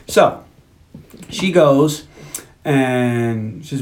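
A podcast host in casual chat, retelling movie scenes with laughter, blunt swearing and quick quoted lines. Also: medium pitch, lively intonation, reverberant.

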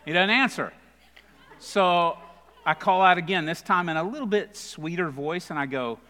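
A man's voice: sits high, normal speed, bright, forceful tone, in a large hall, a little hiss or hum. A man giving a guest sermon at a live church service, telling funny, self-deprecating stories in a conversational way. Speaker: guest speaker. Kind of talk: humorous storytelling sermon.

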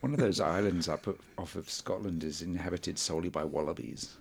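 A man's voice: deep voice, brisk, vocal fry, a little mellow, slightly rough. A British man joining a podcast chat, making dry, understated remarks. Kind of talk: casual chat.

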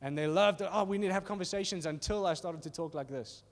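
A man preaching a sermon in a church hall in an animated, conversational way, often asking "are you with me?". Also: high voice, fast talker. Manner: animated and conversational, acting out little voices, asks "are you with me?". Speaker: pastor. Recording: reverberant hall.

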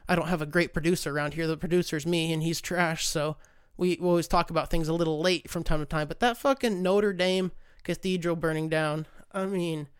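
Here an American man with a high-sitting voice, clear and resonant in tone, hosts his own podcast. He goes on a casual, profane tirade that rambles and burns with energy.

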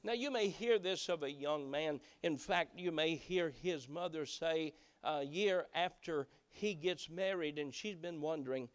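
Folksy male preacher, high voice, acts out dialogue quietly, then builds to loud emphatic peaks. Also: measured pace, few pauses, clear, resonant tone. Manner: swings between hushed acted-out dialogue and loud emphatic preaching; folksy, preaching with colloquial phrases. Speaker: pastor. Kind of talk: sermon.

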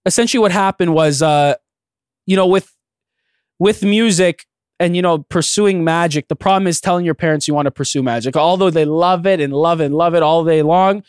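Young man from Canada, high-pitched, emphatic magician guest telling stories in a dry, close recording. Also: a little fast, clear, resonant tone, dry recording. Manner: emphatic, storytelling, repeats phrases. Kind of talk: casual interview talk.

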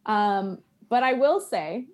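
Animated woman chatting on a podcast. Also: mid-range voice, slow. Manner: animated, swears, talks over others. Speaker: podcast co-host. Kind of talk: casual chat.

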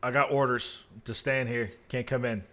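A man's voice: medium pitch, fairly even intonation, moderate pace, fairly bright tone, natural voice. A man doing a surly orc bouncer. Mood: gruff. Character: surly male orc door guard, sarcastic.

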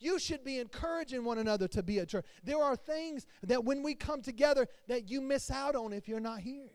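A man, a pastor, preaching a sermon to his congregation with his voice rising and falling in loudness. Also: very high voice, brisk, clear, resonant tone, no room sound.

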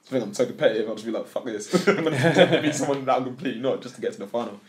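A young man chatting on a podcast at a quick clip, rambling through his stories and swearing freely. His pitch sits right in the middle. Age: young adult. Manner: rambling, swears, animated storytelling. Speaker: podcast co-host. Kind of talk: casual chat.

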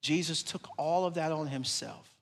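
A man preaching a sermon, telling a lively story and voicing the people in it, then dropping to soft, hushed tones for his appeal. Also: a little high, normal speed, creaky. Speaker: pastor.

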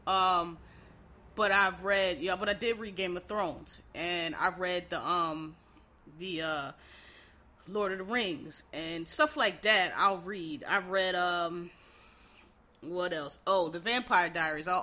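A casual vlogger reviews a show in a loose, unscripted monologue. The voice sounds crisp and bright. The talk is blunt and opinionated, full of fillers, restarts and swearing. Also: medium pitch. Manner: frank, opinionated asides to viewers.

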